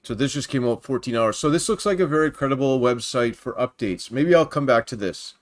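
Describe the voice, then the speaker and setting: A Canadian man's expressive, mid-range voice comes a little fast as he hosts a Christian livestream from his home computer. He's chatty and meandering, full of asides, reading news off the screen and greeting viewers by name.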